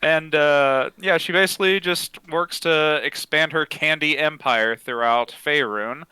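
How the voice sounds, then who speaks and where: Young-sounding man, tabletop player, bright crisp voice, dry close mic, relaxed with fillers. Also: a little high, measured pace, dry recording, rough recording. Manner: laid-back, laughs often, many fillers. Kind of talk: casual character introduction at a tabletop game.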